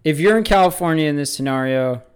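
A man from the US East Coast co-hosting a casual comedic chat, animated and acting out street characters in loud bursts. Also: fairly high pitch, quick pace, clean tone. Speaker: podcast co-host.

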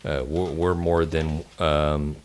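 Deep-voiced casual podcast co-host, man. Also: little pitch movement, slow, a little hiss or hum. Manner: rambling with restarts, joking. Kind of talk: casual chat.

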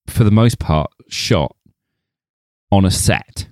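A man's voice: sits low, lively intonation, slow pace, darkish tone, dry recording, studio quality. A man co-hosting a film podcast, talking casually and wryly, repeating words as he builds his points. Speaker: podcast co-host.

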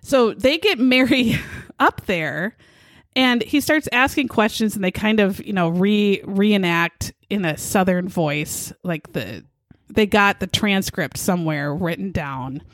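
A woman hosting a casual storytelling podcast who talks in an animated, conversational way and swears often. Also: mid-range voice, takes it slowly, no echo, clean studio sound. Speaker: podcast host. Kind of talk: casual true-crime storytelling.

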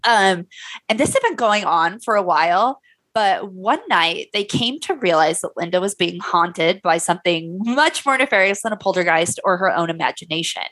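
A woman's voice: lowish voice, animated, moderate pace, a bit bright, no room sound. A young woman host narrating a story casually, loose and profane, with a sore throat. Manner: loose and profane, many fillers. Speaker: podcast host.

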